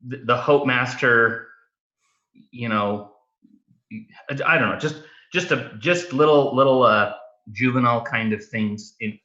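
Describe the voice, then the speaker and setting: A man playing a tabletop game chats in a halting, playful way. His voice is bright, and the mic sound is dull. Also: medium pitch. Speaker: player. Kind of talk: casual chat at a game table.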